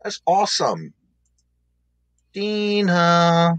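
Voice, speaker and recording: A man's voice: sits high, sing-song, drawn-out words, a bit bright, clean tone, no echo, rough recording. A man hosting a casual livestream, greeting viewers in the chat by name and laughing often. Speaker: livestream host.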